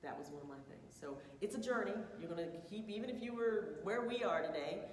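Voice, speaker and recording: A woman's voice: mid-range voice, lively intonation, fast talker, a little hiss or hum. A woman telling a personal story to a group in a candid, reflective way, often laughing. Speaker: co-presenter of a couples session. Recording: echoey hall picked up from a distance.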